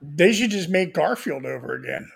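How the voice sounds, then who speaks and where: A man's voice: high voice, animated, moderate pace, creaky, breathy edge. A man with a Philadelphia accent, co-hosting and rambling in casual chat with lots of swearing. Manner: rambling, swears, laughs easily. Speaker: podcast co-host.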